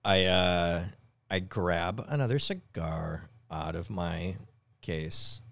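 Male podcast co-host, deep voice, animated storyteller, laughs a lot, dry close sound. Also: slow, vocal fry, no room sound. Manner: laughs often, tells stories animatedly. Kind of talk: casual chat. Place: home garage.

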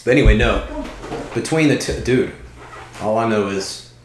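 Casual swearing man, low voice. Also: moderate pace, slight background noise. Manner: casual, swearing, animated bursts. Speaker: podcast co-host. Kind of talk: casual chat.

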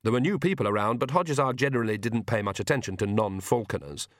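A man's voice: lowish voice, quick pace, dry recording. Man reading an audiobook, dry sound. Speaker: audiobook narrator. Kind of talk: scripted narration.

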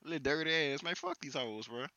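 A man's voice: on the high side, a little fast, no echo. A young man at home telling stories in casual podcast chat, emphatic and slangy. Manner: lively, emphatic, slangy storytelling. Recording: dry, dull lo-fi sound.

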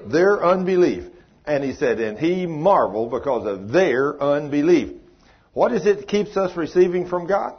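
A man's voice: fairly high pitch, lively intonation, moderate pace, breathy edge, muffled recording. An older man, preaching a sermon in a folksy, emphatic way, his voice climbing on exclamations. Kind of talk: sermon teaching.

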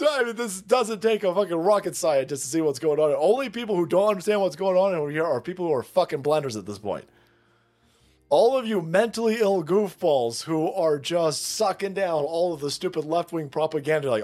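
A man's voice: high voice, expressive, fairly quick, faint music behind. A man with a sarcastic, mocking, profane delivery, hosting a ranting commentary show. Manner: sarcastic, mocking, puts on voices of opponents. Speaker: political commentary host.

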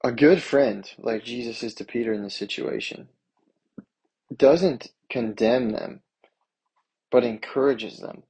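A man's voice: medium pitch, slow, vocal fry, long pauses, a little mellow, husky, poor audio. A man preaching a sermon, reading scripture aloud and then explaining it in an earnest, plain way. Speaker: pastor.

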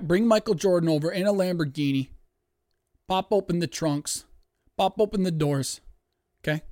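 A man hosting a sports-betting podcast from home, hyped and profane, breaking into yelling on a close mic. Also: on the high side, no echo. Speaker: podcast host. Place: home studio, dogs nearby.

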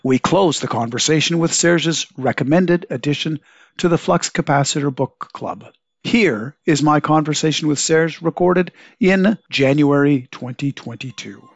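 A man's voice: fairly high pitch, a little slow, no room sound, highs cut off. Congested man hosting a podcast. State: congested from a cold. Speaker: podcast host. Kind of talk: scripted podcast intro and interview. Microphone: home setup over video call.

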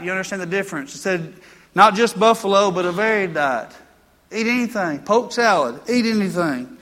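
A man's voice: high-pitched, expressive, normal speed, pushed and bright, in a large hall. A man preaching a sermon, mixing folksy country stories with emphatic preaching. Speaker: pastor.

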